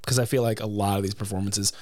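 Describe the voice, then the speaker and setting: A man's voice: lowish voice, flat delivery, quick pace, a little mellow, no room sound. A man co-hosting a casual film chat, wry and joking, swearing casually. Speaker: podcast co-host.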